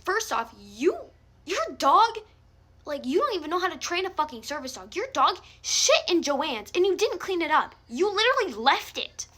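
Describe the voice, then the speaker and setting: A woman's voice: high voice, very animated, fairly quick, few pauses, a bit bright. A young woman delivering a heated, confrontational rant straight to the camera, swearing often. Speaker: vlogger calling someone out. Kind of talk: angry direct-to-camera rant.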